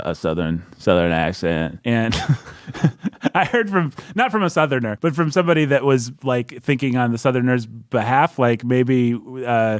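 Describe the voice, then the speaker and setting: A man's voice: mid-range voice, clear, resonant tone, no echo, studio quality. A man hosting a casual book-review podcast, jokey and teasing, from the United States. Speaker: podcast host.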